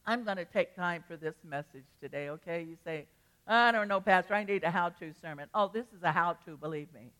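A woman's voice: on the low side, fairly quick, a bit bright. An older woman pastor preaching a sermon, telling a rambling story with restarts and bursts of feeling.

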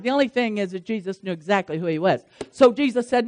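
A woman preacher delivers a sermon to her congregation in a lively, conversational style, repeating phrases and adding bits of humor. Her voice is mid-range, and she talks fast with few pauses.

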